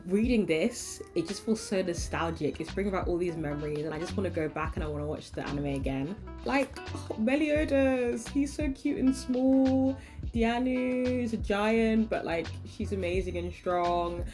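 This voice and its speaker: At home with soft music in the background, a young vlogger chats to camera, giggling and acting out her reactions expressively. Her voice is mid-range at a moderate pace.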